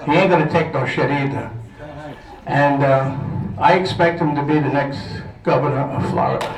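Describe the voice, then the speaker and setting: A man's voice: fairly high pitch, steady tone, normal speed, very noisy. Breathless Brooklyn man in an echoey hall. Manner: blunt, rambling, laughs often. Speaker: speaker at a political social. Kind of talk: informal speech to a crowd. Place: event hall. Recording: echoey room, from far off.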